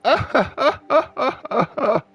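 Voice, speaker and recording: A man's voice: very high voice, animated, very slow, fairly bright tone, breathy edge. A British man giving casual, profane, ranting commentary while playing a video game. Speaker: gaming streamer. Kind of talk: casual commentary over gameplay.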